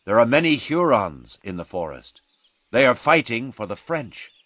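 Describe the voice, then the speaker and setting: A man reading aloud and voicing a steady frontier scout who gives calm, low instructions in a dry, close recording. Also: normal speed, dry recording. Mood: guiding. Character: steady frontier scout guiding his friends.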